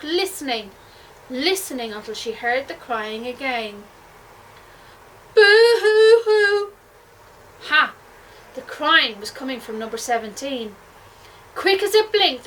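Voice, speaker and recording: A woman, a primary school teacher, reading a picture book aloud expressively and dropping to a hush at tense moments. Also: a little high, distant mic, a little hiss or hum, low-quality recording. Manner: expressive, hushed at suspense.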